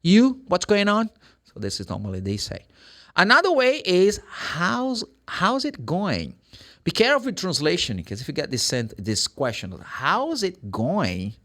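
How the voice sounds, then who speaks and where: Lively Brazilian man teaching English. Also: fairly high pitch. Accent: Brazilian Portuguese. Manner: chatty, animated, acts out greetings in quick impressions. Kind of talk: casual English lesson.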